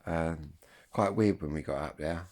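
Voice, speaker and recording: Very deep-voiced rambling man in his fifties. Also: measured pace, darkish tone. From Kent, England. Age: 50s. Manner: rambling, frequent ums, swears freely. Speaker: vlogger. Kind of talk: casual chat to viewers.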